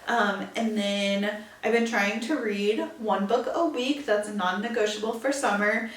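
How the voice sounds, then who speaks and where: A woman's voice: mid-range voice, fairly even intonation, measured pace. Young woman rambling on her podcast, lots of likes, kinda roomy and far from the mic. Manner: chatty, many "like"s and fillers. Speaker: podcast host. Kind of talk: casual solo podcast chat. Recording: echoey room, a bit off-mic.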